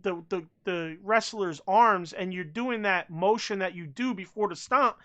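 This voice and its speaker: A man's voice: high-pitched, a little slow, fairly bright tone, muffled recording. A man co-hosting a wrestling podcast, talking bluntly in casual chat, swearing freely and restarting his sentences. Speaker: podcast co-host.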